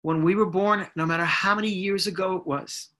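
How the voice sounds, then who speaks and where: A man from Brooklyn giving an inspirational speech over a video call, in deliberate, repetitive, rhythmic phrases. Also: high-pitched, steady tone, bright, forceful tone. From United States (Brooklyn, New York). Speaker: inspirational speaker.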